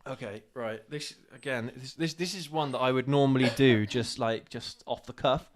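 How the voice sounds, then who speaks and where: A man's voice: medium pitch, normal speed, crowd noise. A man with a West Country twang chatting on a live show, laughing often and mocking himself. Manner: laughs a lot, self-mocking, restarts. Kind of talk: casual chat, trying movie-quote accents.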